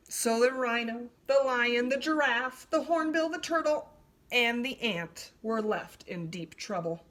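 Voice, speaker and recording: A woman reads a children's story aloud with a bright, higher voice. Her pitch rises and falls in lively swoops as she narrates. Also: unhurried. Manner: expressive, animated read-aloud.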